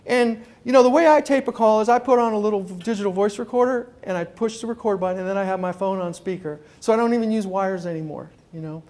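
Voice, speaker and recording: High-voiced New man telling stories. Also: fast, hardly any pauses. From New York. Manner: animated storyteller acting out phone calls. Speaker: guest speaker. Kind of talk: humorous keynote talk. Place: conference room before an audience.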